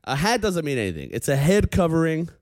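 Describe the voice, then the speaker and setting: A man's voice: on the high side, fast talker, dry recording. A man delivering a profane comedic rant, often stopping with a pointed "okay?". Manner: animated, profane, heckles the audience with repeated "okay?".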